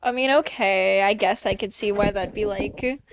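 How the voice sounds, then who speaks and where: A woman co-hosting a podcast, chatting casually with relaxed, brief remarks. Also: mid-range voice, normal speed, slight background noise. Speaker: podcast co-host. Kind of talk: casual chat.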